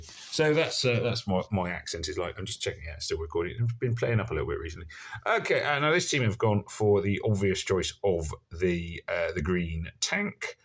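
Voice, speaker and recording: Middle-aged Somerset man, low voice, casual gameplay commentator, rambly and self-mocking. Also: animated, normal speed, a bit bright. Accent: Somerset English. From Somerset, England. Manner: rambling and self-deprecating, with many fillers. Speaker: gaming video creator.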